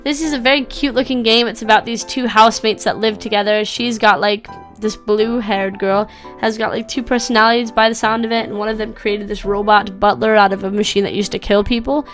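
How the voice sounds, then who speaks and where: A woman's voice: mid-range voice, fairly even intonation, brisk, few pauses, a bit bright, faint music behind. Casual woman commenting on a game. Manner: casual, chatty, with fillers like "like" and "um". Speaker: game video host. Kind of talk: casual gameplay commentary and reading aloud.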